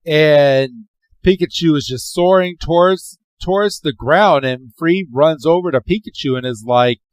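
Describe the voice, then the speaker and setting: A man's voice: fairly high pitch, measured pace, no room sound. A man hosting a podcast, casually recapping a cartoon episode in a loose, slangy storytelling way, acting out the characters' quotes. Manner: animated storyteller, acts out quotes, frequent "he's like"; loose and slangy, many "um" fillers. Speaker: podcast host.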